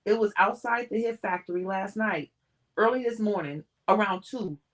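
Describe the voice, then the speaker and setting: A woman reading a novel aloud voices a frantic female publicist who speaks breathlessly and urgently, straining to stay calm. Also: mid-range voice, moderate pace, close to an everyday voice. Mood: forced calm. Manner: breathless, pleading, then forced calm.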